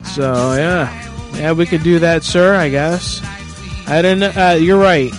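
A man's voice: fairly high pitch, takes it slowly, faint music behind. Rambling, swearing man hosting a show. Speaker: show host. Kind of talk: casual crude banter.

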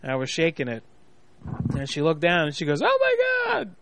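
A man's voice: a little high, brisk, clear, resonant tone, dry recording. A man hosting a radio show, joking around and telling a teasing story. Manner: joking, storytelling, prank calling. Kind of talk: casual radio banter.

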